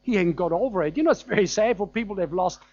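A man's voice: high-pitched, lively intonation, rapid-fire, darkish tone, highs cut off. A man with a German accent preaching a sermon in a conversational, anecdotal way, with frequent fillers and chuckles.

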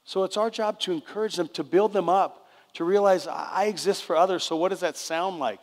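A man's voice: high voice, fairly even intonation, a little fast. An older man giving a conversational sermon as a preacher, often checking in with the congregation. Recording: long reverb of a church hall.

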